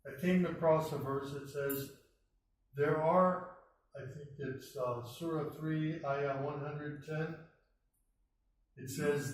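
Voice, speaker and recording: Speaking slowly with fairly even intonation, this high-voiced American man shares his conversion testimony in earnest, voicing the people he encountered as he quotes them. He's recorded from afar in a heavily echoing mosque hall, with a little hiss or hum underneath.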